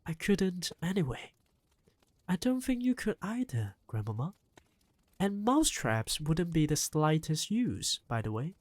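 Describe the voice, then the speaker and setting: Read by one performer, a small boy turned into a mouse bursts out in high, eager exclamations. The pitch leaps about with excitement in a dry, close storybook reading. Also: a little slow, no room sound. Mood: earnest. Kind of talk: audiobook reading.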